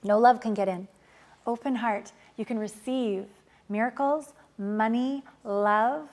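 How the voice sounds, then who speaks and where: A woman coach teaching a course lesson, blunt and casual, swinging between emphatic loud pushes and soft, tender passages. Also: fairly high pitch, slow pace. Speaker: relationship and manifestation coach.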